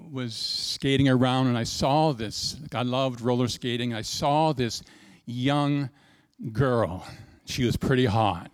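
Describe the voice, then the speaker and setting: A man's voice: mid-range voice, no room sound, studio quality. A middle-aged male pastor preaching a sermon in a folksy, conversational way, repeating words and talking straight to the congregation.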